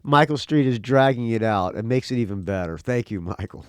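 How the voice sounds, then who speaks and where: A man's voice: mid-range voice, lively intonation, clean tone, no room sound. Podcast host guy, eager, jumps in a lot, dry close mic. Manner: eager, chiming in with quick reactions. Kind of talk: casual podcast chat.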